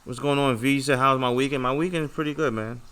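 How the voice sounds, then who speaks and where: A young man talks from home on a casual livestream, earnest and a little preachy as he lectures his viewers. His voice is bright and forward, and he keeps checking in with them as he goes. The pitch sits in the middle for a man. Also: fairly even intonation, fast talker, clear, resonant tone. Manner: earnest, repetitive, lecturing with many "okay" and "all right" checks. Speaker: trading livestream host.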